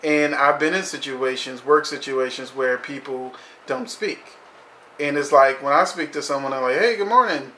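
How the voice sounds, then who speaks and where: A man's voice: medium pitch, steady tone, normal speed, bright, forceful tone, reverberant, a little hiss or hum. A man reviewing a TV episode in casual commentary, blunt and profane, saying "you know" constantly.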